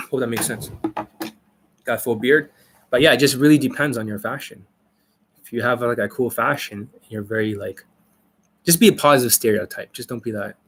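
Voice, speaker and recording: A man talks off the cuff on a live stream, blunt and profane as he rambles through viewer questions. His voice sits at a middle pitch for a man. He coaches in a loose, unscripted way. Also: normal speed, long pauses, slightly rough. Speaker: dating coach.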